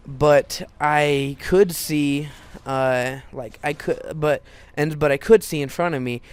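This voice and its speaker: A man's voice: mid-range voice, clean tone. A teenage boy telling a personal story in a casual, rambling way, full of restarts and fillers.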